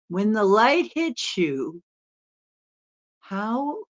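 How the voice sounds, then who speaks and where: Slow-talking woman hosting a live stream. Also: mid-range voice, very animated. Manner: rambling, chatty, laughs often. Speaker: spiritual channeler hosting a live Q&A. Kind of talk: casual live-stream chat. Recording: dull lo-fi sound.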